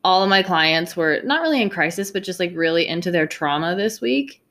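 A woman's voice: on the low side, lively intonation, fairly quick, a bit bright. A woman in her thirties chatting casually, wry and weary, swearing often. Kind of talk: casual chat.

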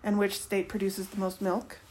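A woman's voice: mid-range voice, completely flat delivery, moderate pace, a little mellow, slight background noise, natural voice. A woman reading aloud, voicing a wise, no-nonsense neighbor who tutors a child, speaking plainly and firmly. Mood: matter-of-fact.

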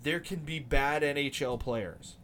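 A man hosting a podcast, talking casually about hockey in an animated, rambling way and swearing now and then. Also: on the high side, a little slow, a little hiss or hum. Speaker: podcast host.

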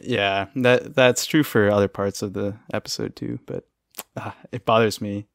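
A relaxed man with a low-pitched voice co-hosts a casual podcast, walking through a cartoon episode scene by scene. He laughs easily. The recording is dry and close. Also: normal speed, vocal fry, no room sound. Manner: laid-back, laughs often, retells scenes. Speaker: podcast co-host.

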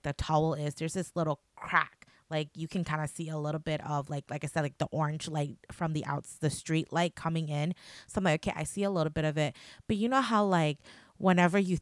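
Low-voiced chatty young woman. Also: no echo, clean studio sound. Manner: animated, chatty, lots of "like" fillers; swears casually. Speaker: podcast host. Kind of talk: casual storytelling.

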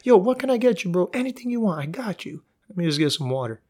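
A man's voice: high-pitched, big pitch swings, fast, a little mellow, slightly rough, voice pushed up, heavily acted. A man voicing an overly friendly young male resort waiter who keeps calling people bro. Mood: chummy. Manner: chummy, keeps saying bro.

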